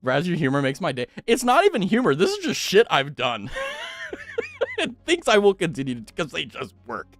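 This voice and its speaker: A man's voice: on the high side, wildly swooping pitch, moderate pace, faint music behind. A male streamer chatting casually with viewers, swearing freely and laughing often.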